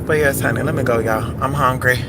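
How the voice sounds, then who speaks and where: A man's voice: medium pitch, steady tone, a little fast. A man chatting sassily and animatedly while vlogging from his car. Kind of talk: casual car vlog. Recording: traffic noise behind. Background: road traffic.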